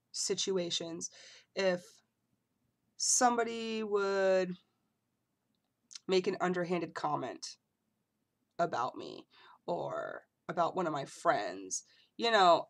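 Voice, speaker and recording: A man vlogging to camera in a casual, earnest way, often apologizing and circling back as he talks. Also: high voice. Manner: earnest and apologetic, rambling with restarts.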